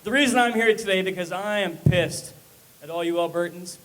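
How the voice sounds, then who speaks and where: Man, forties, from Saskatchewan, stand-up comic, high voice, energetic, crowd-baiting. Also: a little fast, rough recording. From Saskatchewan, Canada. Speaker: stand-up comedian. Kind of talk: live stand-up comedy. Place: comedy club stage.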